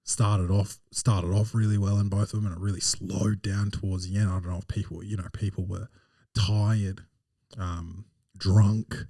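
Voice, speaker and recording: A man's voice: low voice, flat delivery, moderate pace, warm tone, no room sound, studio quality, far from the mic. A man, a stand-up comedian hosting his podcast alone, telling self-deprecating stories in a casual, rambling way. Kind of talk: casual solo podcast monologue.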